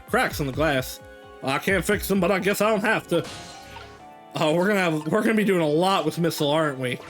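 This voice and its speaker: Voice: mid-range voice, a bit bright. A streamer giving playful, joking commentary during a live game playthrough.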